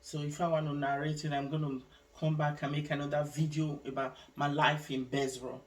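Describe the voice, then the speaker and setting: A woman tells her own story in a personal vlog. She speaks with deep feeling, stops and starts her sentences, and adds religious asides. Her voice sounds somewhat distant from the microphone. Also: flat delivery. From Nigeria. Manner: emotional, halting, with frequent restarts and religious asides. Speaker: vlogger sharing her life story.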